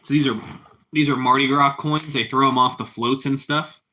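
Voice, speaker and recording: A man hosting a relaxed live stream, talking in a loose, rambling way to his audience. His voice has a bright, forward edge at an ordinary pitch. He drifts easily from one small remark to the next. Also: normal speed. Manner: relaxed, rambling, chats with viewers and his cat. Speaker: livestream host. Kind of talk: casual live-stream chat.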